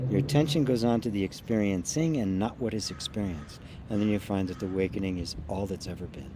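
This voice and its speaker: A man hosting a live spiritual satsang, speaking slowly and softly, trailing into quiet tones and reading out viewer comments. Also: fairly low pitch, background noise. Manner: slow, soft and reflective, often trailing off quietly with gentle laughs. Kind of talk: live-stream talk answering chat comments.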